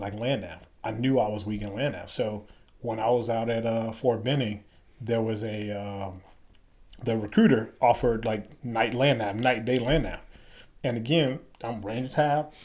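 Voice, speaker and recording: Animated male storyteller from Chicago. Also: medium pitch. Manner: animated storyteller, acts out quoted voices. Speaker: guest, former Green Beret. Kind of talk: casual interview storytelling.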